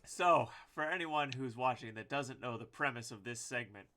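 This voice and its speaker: Joking man with a bright voice. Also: medium pitch, normal speed. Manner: joking, self-mocking. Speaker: podcast co-host. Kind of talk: casual chat.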